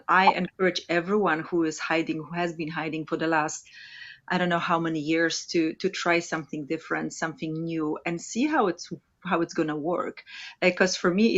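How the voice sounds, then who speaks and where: A woman talks as a guest over a video call, her voice sitting a little low. She is reflective and laughs often. The call audio sounds dull and lo-fi. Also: fairly bright tone. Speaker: guest, a mother. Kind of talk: casual video-call chat.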